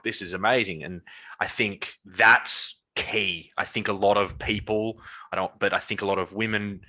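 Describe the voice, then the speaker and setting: A young man, a coach co-hosting a podcast, telling personal stories in an earnest, animated way with many restarts. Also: sits low, poor audio. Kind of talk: casual chat.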